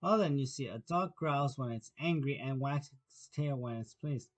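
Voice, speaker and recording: A man's voice: medium pitch, moderate pace, natural voice. A man playing the sly grinning Cheshire cat. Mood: teasing.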